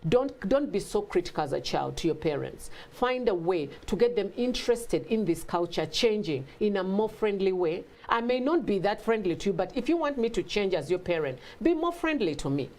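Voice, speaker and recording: A woman's voice: medium pitch, brisk, hardly any pauses. A middle-aged woman with a Ugandan accent, a guest in an interview, talking casually and acting out family exchanges with laughter. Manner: animated, acts out family dialogue with laughter.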